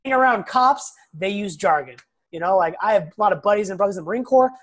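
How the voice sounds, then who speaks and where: Blunt, animated man telling stories. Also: sits high, fast. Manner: blunt, animated storyteller who acts out quotes and swears. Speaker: guest, physical therapist. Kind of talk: casual podcast conversation.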